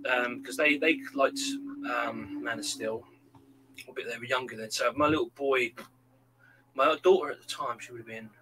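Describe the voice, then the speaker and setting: Man, thirties, bright forceful voice, animated storyteller, casual chat. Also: medium pitch, normal speed, slight background noise, poor audio. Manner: animated storyteller, acts out quotes.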